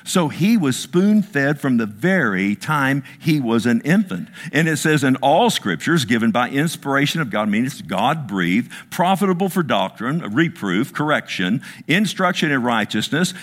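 Animated man preaching a sermon. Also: medium pitch, moderate pace, hardly any pauses. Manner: preachy call-and-response, asks the congregation. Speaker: pastor.

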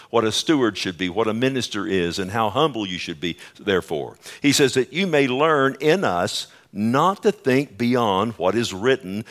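Male pastor, lowish voice, preaching a sermon with emphatic rises and rhetorical questions.

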